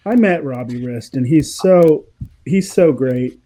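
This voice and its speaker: A man, a guest in a casual interview, telling animated, opinionated stories and laughing often. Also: mid-range voice, measured pace.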